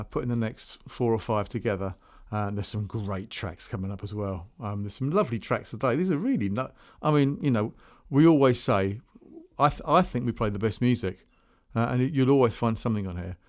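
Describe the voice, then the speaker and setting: A man talks on his own between tracks as the host of a music podcast. His voice sits at an ordinary middle pitch. He rambles and restarts his sentences, with a loose, chatty manner. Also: moderate pace, darkish tone. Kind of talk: casual solo chat between tracks.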